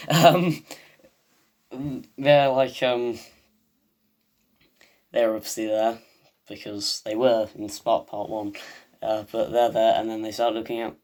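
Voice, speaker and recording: A man's voice: fairly low pitch, fairly even intonation, unhurried, pauses often. Rambling man recapping a show. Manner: rambling, full of fillers. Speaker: video host. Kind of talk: casual episode recap.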